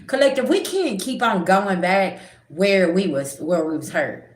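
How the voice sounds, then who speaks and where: A woman's voice: mid-range voice, animated, a little slow, roomy sound. A middle-aged woman, a spiritual reader, talking bluntly and animatedly in a casual livestream chat, swearing freely.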